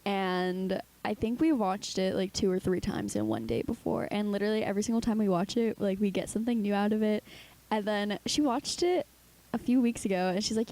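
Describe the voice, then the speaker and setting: A woman's voice: mid-range voice, expressive, a little fast, dark tone, rough recording. A young woman co-hosting a podcast, chatting casually and gushing emotionally, with lots of "like". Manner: gushing, emotional, says "like" a lot. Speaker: podcast co-host. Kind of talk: casual chat.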